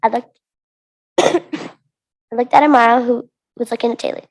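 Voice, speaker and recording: A woman's voice: on the high side, steady tone, normal speed, darkish tone. A young American woman reading her own story aloud to a conference audience, earnest and with restarts. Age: teens. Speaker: student reader.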